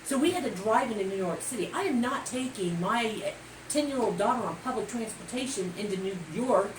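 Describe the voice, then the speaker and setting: A middle-aged woman from Ohio trades stories across the table, animated and quick to act out the voices she quotes. Her voice sits a little high. She is some way off the mic in an echoey room with a faint hiss. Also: distant mic. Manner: animated, acts out quoted talk. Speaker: co-host. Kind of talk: casual mealtime storytelling.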